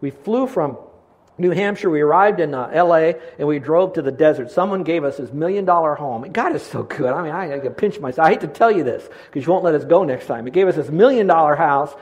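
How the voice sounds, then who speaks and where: An older man preaching a sermon as a pastor, telling stories with lively swings between loud and hushed delivery and stumbling over repeated words when excited. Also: a little high, fairly quick, poor audio.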